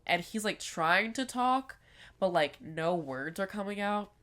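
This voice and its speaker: A woman's voice: mid-range voice, expressive, measured pace, a bit bright. A young woman co-hosting a podcast, telling a story in a chatty way, with lots of fillers and some swearing. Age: young adult. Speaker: podcast co-host. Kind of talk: casual chat.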